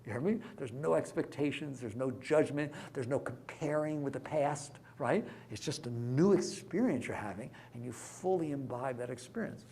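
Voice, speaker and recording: A man giving a live lecture on mindfulness to an audience, conversational and full of rhetorical questions, swinging between hushed asides and loud emphatic bursts. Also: mid-range voice, expressive, normal speed, gravelly, hardly any pauses, a little hiss or hum.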